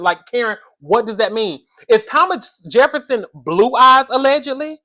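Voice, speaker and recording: Woman doing reality tv commentary, higher voice, scolding and exasperated, slangy, talks to y'all. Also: lively intonation, normal speed, hardly any pauses, sharp tone. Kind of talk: casual comedic commentary to camera.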